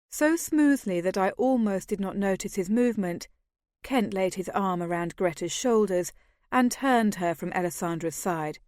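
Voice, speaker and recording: A woman's voice: mid-range voice, lively intonation, normal speed, a little mellow, dry recording, clean studio sound. A woman reading a fantasy novel aloud as audiobook narrator. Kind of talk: scripted narration.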